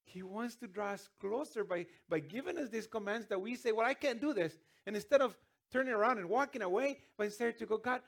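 A man preaching a sermon as pastor, earnest, with restarts and sudden emphatic rises. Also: high voice.

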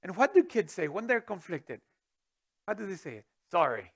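A middle-aged man preaching a sermon as pastor, swinging from booming to hushed with chuckling asides. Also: very animated, normal speed, slightly rough.

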